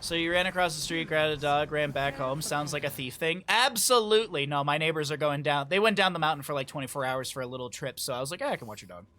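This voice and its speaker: A man's voice: a little high, quick pace, few pauses, bright, forceful tone. A man casting a live esports match on stream, chatty and rambling, often stopping to apologize. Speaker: esports caster. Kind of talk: live stream game commentary.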